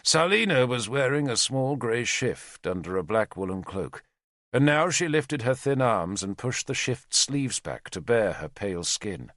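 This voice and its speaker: A man's voice: mid-range voice, expressive, a little slow, a bit bright, no room sound, studio quality. A man narrating an audiobook expressively, voicing every character. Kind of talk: scripted narration.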